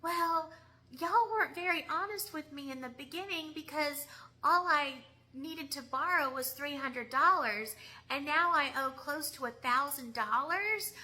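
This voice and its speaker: A woman acting out a desperate single mother, pleading and apologizing in a high, bright voice. She sounds embarrassed and close to tears. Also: measured pace, full character voice.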